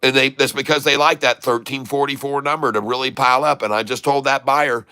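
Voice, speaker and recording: A man's voice: medium pitch, steady tone, fairly quick, hardly any pauses, pushed and bright, clean tone, dry recording. A middle-aged man with a Southern US accent, hosting a rambling, jokey day-trading livestream and chatting with viewers. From Florida, US. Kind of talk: casual live-stream chat.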